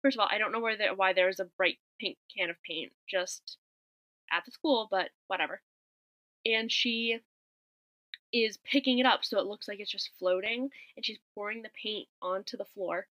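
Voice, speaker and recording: Here a woman co-hosting a podcast chats through a movie scene by scene in a wry, casual way, repeating lines from it. She has a medium-pitched, slightly bright voice at a moderate pace, recorded without echo but with dull sound.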